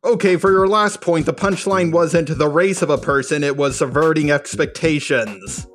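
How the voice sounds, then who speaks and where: A man with a slightly high voice delivering a combative, sarcastic rebuttal commentary. He picks arguments apart and swears now and then. Faint music plays under him. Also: normal speed. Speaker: commentary youtuber.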